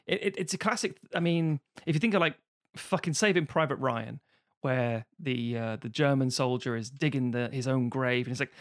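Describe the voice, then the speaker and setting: Man, podcast host, casual chat, animated, fairly high voice, swears. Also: normal speed. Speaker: podcast host and web series creator.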